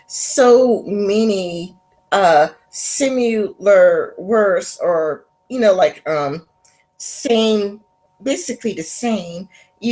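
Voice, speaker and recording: A woman's voice: medium pitch, a little mellow, poor audio. A woman hosting a casual livestream interview, rambling with lots of fillers. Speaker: interview host.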